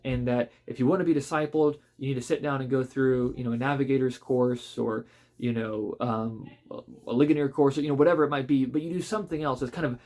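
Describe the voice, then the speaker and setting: A man, a pastor, reviewing a book in a relaxed spoken way, thoughtful and conversational, with frequent fillers and restarts. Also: medium pitch.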